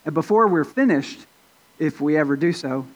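A man's voice: expressive, normal speed, poor audio. A male pastor preaching an expository sermon in a conversational way, with fillers and restarts, rising for emphasis. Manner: rises in pitch and volume for emphasis.

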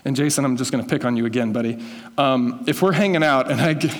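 A man's voice: mid-range voice, quick pace, long reverb tail. A man preaching a conversational sermon as a pastor, correcting himself and teasing listeners by name.

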